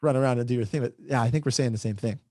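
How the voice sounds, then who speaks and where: Guy moderating, talks fast, explains w examples, keeps saying right?, dry close mic. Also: medium pitch, darkish tone, no echo. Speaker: moderator, real estate agent. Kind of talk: casual discussion.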